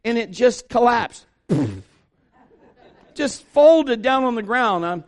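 A man's voice: very high-pitched, animated, takes it slowly. A middle-aged man, a pastor, preaching a sermon through a folksy, humorous story and acting out the voices of the people in it.

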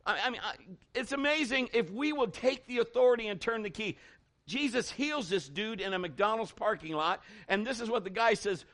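A pastor preaches a sermon in a high voice. He builds his volume and calls out to the congregation as he goes. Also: expressive, brisk, fairly bright tone.

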